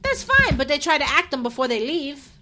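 A woman's voice: sits high, fast, sharp tone. A woman co-hosting a casual chat, talking in an emphatic, opinionated way. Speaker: co-host.

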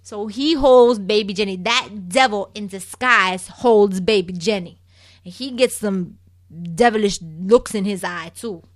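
A chatty, opinionated woman hosts a soap opera recap show, speaking casually and keeps calling her listeners "people." Her medium-pitched voice runs a little slow, with no room sound.

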